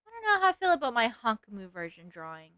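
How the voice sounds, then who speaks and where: A woman's voice: on the high side, wildly swooping pitch, fast, sharp tone, clean tone, no room sound, clean studio sound. A young woman streamer chatting casually with her viewers while she draws, giggly and self-mocking. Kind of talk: casual live-stream chat while drawing.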